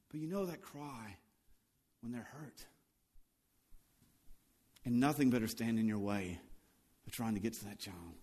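A male pastor preaching a sermon, swinging between loud and hushed lines and building on repeated phrases. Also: mid-range voice, lively intonation, a little slow, pauses often.

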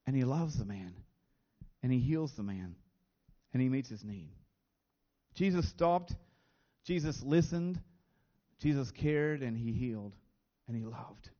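A man's voice: medium pitch, animated, a little slow, long pauses, dark tone, highs cut off. A man preaching a sermon as pastor, earnest, often repeating words as he presses a point.

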